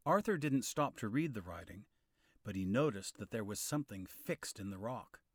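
A man narrating a storybook in a clear, expressive style. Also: fairly low pitch, normal speed, dry recording, clean studio sound.

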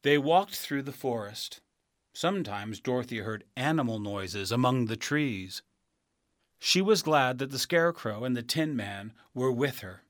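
A man reading a children's storybook aloud as narrator, slow, clear and expressive. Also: mid-range voice, no echo, studio quality.

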